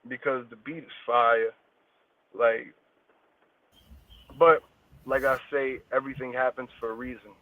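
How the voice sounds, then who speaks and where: A man's voice: medium pitch, fairly even intonation, measured pace, long pauses. A man as an interview guest, talking in casual street slang with heavy swearing. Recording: tinny phone-like line, dry.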